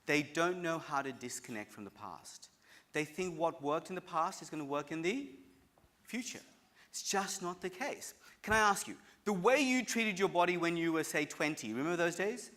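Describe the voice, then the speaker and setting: Animated man giving a motivational talk. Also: on the high side, normal speed. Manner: energetic, animated, asks the audience questions. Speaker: motivational speaker.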